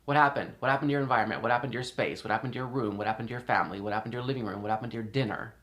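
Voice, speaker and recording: A man's voice: mid-range voice, very fast, fairly bright tone. A man talking casually and rambling at home, repeating himself and laughing often. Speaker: podcast host. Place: indoors in a house.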